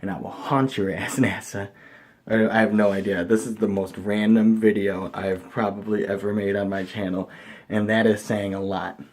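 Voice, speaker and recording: A young man from the area, rambling excitedly to camera in a casual vlog, bursting into loud enthusiasm then dropping to mumbled asides. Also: on the low side, normal speed. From Chicago area, USA. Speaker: vlogger.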